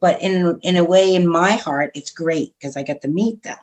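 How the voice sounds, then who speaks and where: A woman's voice: lowish voice, normal speed, a little mellow. A middle-aged woman chats as a guest on an interview show, speaking her mind frankly and at length. She is a radio host herself and laughs easily as she talks. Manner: frank, talkative, laughs often. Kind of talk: casual interview chat.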